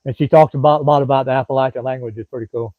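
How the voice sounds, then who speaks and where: A middle-aged Southern-accented man from Florida rambles through casual live-stream chat in a folksy drawl, calling out viewers by name as he answers them. His delivery is rapid-fire in a mid-range voice with fairly even intonation. The recording sounds dry and phone-thin, with no room sound.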